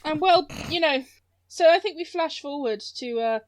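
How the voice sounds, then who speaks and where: A woman runs a tabletop superhero game in a fairly high voice, narrating with a playful, teasing edge. Her storytelling is loose and chatty, and she is quick to laugh. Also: animated, slight background noise. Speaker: game master.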